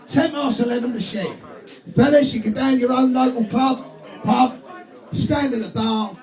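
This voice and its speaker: A man's voice: very high-pitched, normal speed. A man in his forties with an English accent, doing a crude, blokey stand-up routine to a live audience. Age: 40s. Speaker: stand-up comedian. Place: club stage before a live audience. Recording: echoey club with music and crowd.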